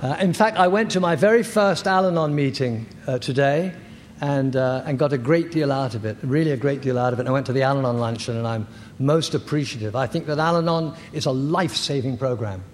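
An older man in his sixties giving personal testimony as a recovery meeting speaker, halting, candid and self-deprecating. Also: medium pitch. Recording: echoey hall with faint noise.

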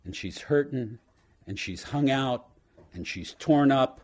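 A man's voice: mid-range voice, expressive, slow. A man sharing his story at a recovery meeting in a humorous storytelling style, punchy and joking, then turning earnest. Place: lives in New York.

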